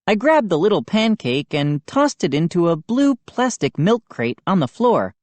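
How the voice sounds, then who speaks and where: A woman narrating a children's horror audiobook in an expressive, unhurried reading. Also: fairly low pitch, dry recording. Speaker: audiobook reader.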